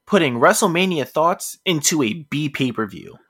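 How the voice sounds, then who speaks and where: A man co-hosting a casual wrestling chat with a dry, teasing, deadpan manner. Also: fairly high pitch, normal speed, breathy edge. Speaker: podcast co-host.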